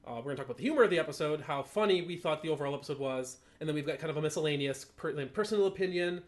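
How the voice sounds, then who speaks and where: A man co-hosting a casual podcast, opinionated and animated as he thinks aloud about a cartoon. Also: on the high side, rapid-fire. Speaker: podcast co-host.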